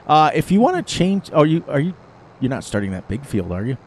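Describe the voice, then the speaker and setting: A man's voice: a little high, big pitch swings, brisk. Middle-aged guy rambling thru his stories while he plays, laughs a lot, faint noise behind. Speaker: gaming channel host. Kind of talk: casual chat over gameplay.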